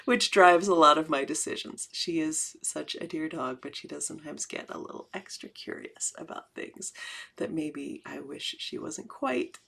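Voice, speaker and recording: A middle-aged American woman with a low, gravelly voice hosts her own stitching vlog. She talks casually and chattily to the viewers, with easy laughs along the way. Her tone is relaxed show-and-tell. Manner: chatty, warm toward viewers, laughs easily. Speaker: cross-stitch channel host.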